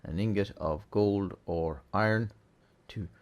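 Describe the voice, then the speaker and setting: A man hosting a relaxed, chatty game tutorial, thinking aloud as he plays. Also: deep voice, slow. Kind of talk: casual gameplay tutorial.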